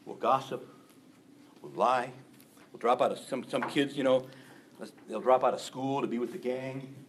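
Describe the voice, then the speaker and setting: A male preacher delivering a sermon in an animated way, acting out quick voices of people he describes. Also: medium pitch, a little hiss or hum. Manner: animated, acts out gossiping voices.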